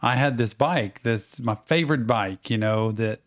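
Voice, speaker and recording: An animated middle-aged man with a light twang, spinning long stories on a casual podcast. His voice sits at a middle pitch and bounces as he acts out what people said. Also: normal speed. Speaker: podcast co-host. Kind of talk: casual storytelling.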